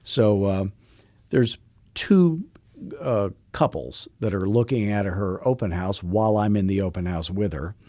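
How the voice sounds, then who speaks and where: Mellow low-voiced male sales coach. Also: a little slow, dry recording. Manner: chatty, repeats himself, frequent restarts. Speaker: real estate sales coach. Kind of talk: podcast monologue with anecdotes.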